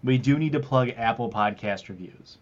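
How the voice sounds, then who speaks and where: Brief: rambling, jokey podcast host, dull lo-fi mic. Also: male voice, medium pitch, normal speed. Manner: rambling, jokey, plugs the show. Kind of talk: casual podcast chat. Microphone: wrong mic picked by the recording software.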